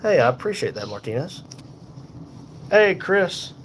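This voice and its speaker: A man in pain and tired, hosting a casual livestream from a hospital room on a phone, reading viewer comments aloud in an unhurried, folksy way. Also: on the high side, very animated, slight background noise. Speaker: livestream host reading chat. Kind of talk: casual live chat.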